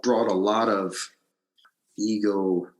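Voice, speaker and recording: Man telling a story in an echoey room. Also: slow pace. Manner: animated storyteller, frequent restarts and big pitch swings. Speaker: podcast guest. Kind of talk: casual storytelling interview.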